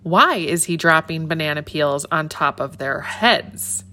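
Slow, sing-song woman storyteller. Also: low-pitched, animated, sharp tone, a little hiss or hum. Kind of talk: children's story read-aloud.

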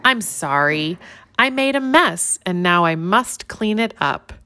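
A woman voicing a naughty, giggly young male monkey in a children's story, high and squealing. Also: expressive, measured pace. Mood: cheeky. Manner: high, loud, squealing and laughing. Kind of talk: children's story read-aloud.

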